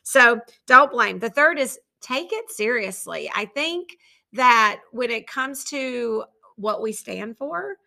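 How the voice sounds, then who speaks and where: Woman podcast host in her forties, high and bright, laughs a lot while telling stories. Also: slow, vocal fry. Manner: laughs often, lively storytelling. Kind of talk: casual conversation.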